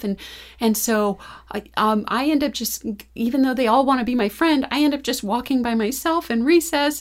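Animated storytelling mother. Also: sits high, moderate pace. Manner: animated storytelling, frequent laughs. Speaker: mother and co-host. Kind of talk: casual conversation.

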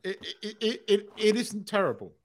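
A man's voice: high-pitched, sing-song, moderate pace, slight background noise. A man hosting a live podcast in casual chat, blunt and sweary, stammering through restarts. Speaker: podcast host.

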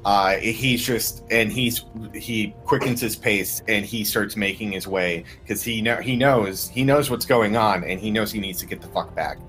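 A man's voice: on the low side, normal speed, few pauses, a bit bright, soft background music. A man playing a tabletop game, casually describing his character's actions in the third person with hesitant restarts. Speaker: player.

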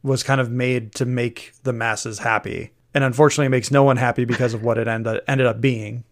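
A man's voice: mid-range voice, fairly even intonation, fairly quick. A man co-hosting a casual film review chat, critical and picking apart the dialogue. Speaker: podcast co-host.

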